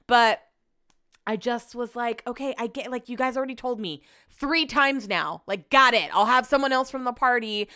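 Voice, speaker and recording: A woman's voice: fairly high pitch, moderate pace, sharp tone, smooth, dry recording, clean studio sound. A woman host chatting casually about her week, a chatty storyteller who swears freely and acts out what she said. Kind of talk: casual chat.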